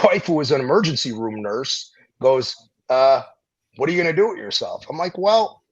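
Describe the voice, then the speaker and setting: A middle-aged man, a veteran and former firefighter, telling stories in a casual interview, animated and profane, acting out the people he quotes. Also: mid-range voice, breathy edge, highs cut off.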